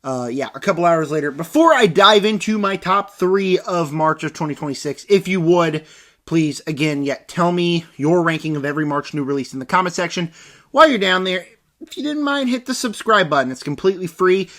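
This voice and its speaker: A young man casually reviewing movies in a rambling, animated way, acting out scenes with quick impressions. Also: sits high. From United States.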